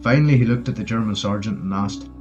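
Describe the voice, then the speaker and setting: Male audiobook narrator, low voice, steady delivery, muffled recording. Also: fast. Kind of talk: scripted narration. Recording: dull lo-fi with faint music.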